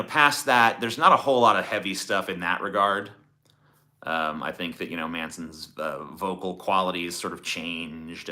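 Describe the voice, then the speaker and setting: A man's voice: low-pitched, pushed and bright. A man streaming live, chatting in a profane, sarcastic, rambling way as he answers his chat. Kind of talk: casual livestream chat.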